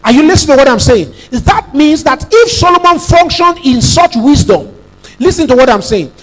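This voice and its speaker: A man's voice: very high voice, expressive, normal speed, soft background music, poor audio. A man preaching a sermon as pastor, emphatic, repeating phrases and prompting the congregation to say lines back.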